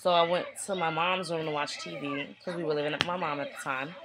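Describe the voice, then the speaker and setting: A young woman with a slightly low voice recounts a personal story to camera in a loose, chatty way. She keeps it animated and slips into the voices of the people in the story. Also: fast talker, crowd noise. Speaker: vlogger.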